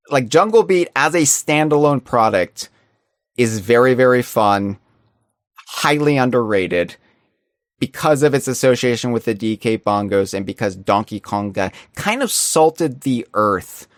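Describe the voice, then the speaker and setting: A man's voice: medium pitch, a bit bright, dry recording, studio quality. Earnest man explaining at length. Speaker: podcast guest. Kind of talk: casual podcast chat.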